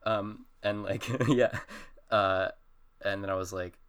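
A young man with a fairly low voice rambles through a story on a casual podcast. He stumbles over his words, restarts often and laughs between sentences. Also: expressive, unhurried, pauses often, fairly bright tone. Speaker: podcast co-host. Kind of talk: casual chat.

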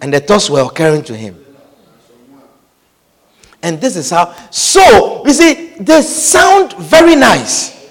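A man preaching with a strikingly high voice that swings widely up and down. He speaks with emphasis, repeats key phrases and keeps checking whether his listeners understand. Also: big pitch swings, slow pace, long pauses, big-room sound. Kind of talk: sermon.

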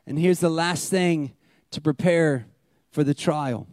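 A man, preaching a sermon, moving between loud, lively retelling and hushed, slow, tender lines. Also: a little high, no room sound, studio quality. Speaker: pastor.

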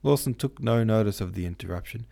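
A man reading a novel aloud as host, in steady, measured narration. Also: on the low side, gravelly. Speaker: host and audiobook reader. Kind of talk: scripted narration.

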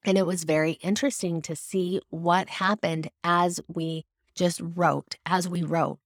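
A woman's voice: fairly low pitch, steady tone, measured pace, no room sound, studio quality. A woman giving an earnest, explanatory faith-based teaching talk. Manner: earnest, explanatory, with occasional restarts. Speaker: devotional speaker.

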